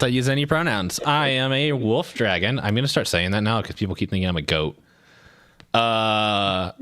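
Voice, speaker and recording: A man's voice: medium pitch, fairly bright tone, smooth, no room sound, studio quality. A man streaming a game, chatting and joking with friends in a playful, teasing way. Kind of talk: casual chat while gaming.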